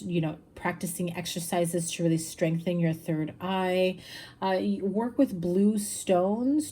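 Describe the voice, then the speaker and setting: A woman's voice: fairly low pitch, warm tone, slight background noise. A woman giving a casual tarot reading, chatty and rambling, tired. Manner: chatty, rambling, with fillers and laughs. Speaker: tarot reader.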